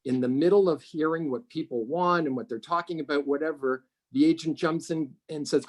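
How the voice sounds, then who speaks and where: Animated storytelling man, higher voice. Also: a little fast, hardly any pauses. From Canada. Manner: animated, acts out quoted voices with big pitch jumps. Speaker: realtor guest. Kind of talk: conversational interview storytelling.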